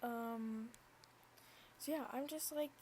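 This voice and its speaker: A woman's voice: fairly high pitch, takes it slowly, a little hiss or hum. A young woman hosting her own podcast, chatting casually and rambling with lots of "like" and "literally". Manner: rambling, full of "like" and "literally", drifting soft. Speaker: podcast host. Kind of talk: casual chat.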